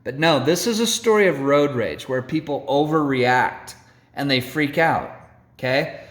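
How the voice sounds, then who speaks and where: A man telling a road-rage story to an audience in an animated, theatrical way, often checking in with "right?" and "okay?". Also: medium pitch, unhurried. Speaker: storyteller speaker.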